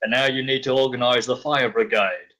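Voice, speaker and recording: A man's voice: mid-range voice, fairly even intonation, brisk, sharp tone, poor audio. A man playing a tabletop game, hesitant and trailing off as he decides. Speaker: player. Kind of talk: tabletop role-play.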